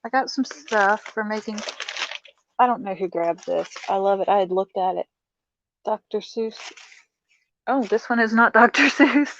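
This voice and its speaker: A middle-aged woman chats casually on a live stream while showing off a craft haul, laughing often and talking to her viewers. Her medium-pitched voice is a bit bright, moving at a moderate pace with frequent pauses. The lo-fi recording sounds dull and muffled, with a little hiss or hum.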